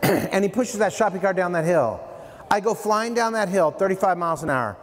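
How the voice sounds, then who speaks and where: A man giving a playful, animated prevention talk to middle schoolers at a school assembly, addressing them directly. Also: high voice, a little fast. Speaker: youth prevention speaker. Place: middle school hall, indoors. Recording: long hall reverb, faint room noise.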